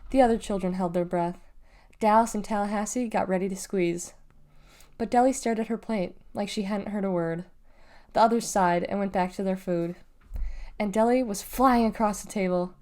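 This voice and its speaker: A woman reading a children's novel aloud in a measured, expressive way. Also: mid-range voice. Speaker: storybook reader.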